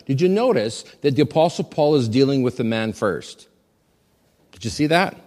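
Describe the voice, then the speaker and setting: A man's voice: mid-range voice, normal speed. A male pastor preaching a sermon to his congregation in a church, urging the men and joking with the crowd. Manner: animated preaching, calls for audience repetition, jokes with congregation. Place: church sanctuary. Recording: long reverb of a large hall.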